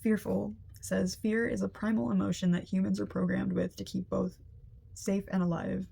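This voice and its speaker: Young woman, energy reader, empathetic, mellow dark tone, flat delivery. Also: mid-range voice, normal speed, gravelly, breathy edge. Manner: chatty, empathetic, many "like" fillers. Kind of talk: casual spiritual reading to camera.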